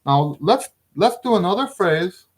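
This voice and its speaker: A man's voice: sits high, expressive, measured pace. A middle-aged man teaching trumpet in a casual video lesson, chatty and emphatic, laughing often as he explains.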